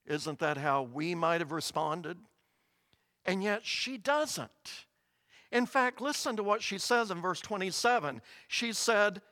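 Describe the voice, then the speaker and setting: A male preacher with a high, bright voice gives an earnest sermon, leaning hard on key words. The sound is close and dry, with no room echo. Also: expressive, unhurried. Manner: earnest, emphatic, voice rising on quoted lines.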